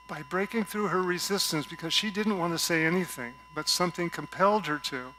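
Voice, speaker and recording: Bright-voiced man giving a gentle sermon. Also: fairly high pitch, slight background noise, low-quality recording. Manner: gentle, reflective storytelling, often dropping to a soft voice. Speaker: guest speaker at a spiritual center. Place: on a stage in a spiritual center.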